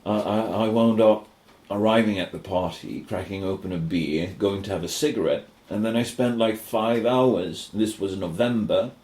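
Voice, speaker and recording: A man's voice: lowish voice, moderate pace, reverberant. A man co-hosting a podcast, telling a story in casual chat, swearing often and acting out what people said. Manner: animated, swearing, acts out quoted voices. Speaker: podcast co-host.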